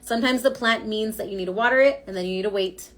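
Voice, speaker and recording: A woman's voice: mid-range voice, quick pace, faint music behind. A woman giving a casual spoken tarot reading, emphatic and slangy, coaching her listeners. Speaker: tarot reader.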